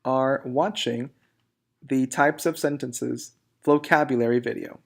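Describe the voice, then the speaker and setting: Clear, patient male teacher. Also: medium pitch, steady tone. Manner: slow, clear, reads example sentences aloud. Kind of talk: recorded online lesson.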